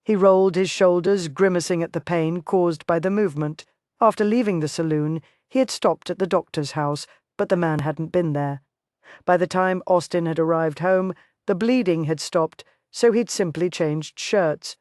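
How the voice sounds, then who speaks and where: An audiobook narrator reading a Western romance in steady, even storytelling. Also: mid-range voice, moderate pace, no echo, clean studio sound.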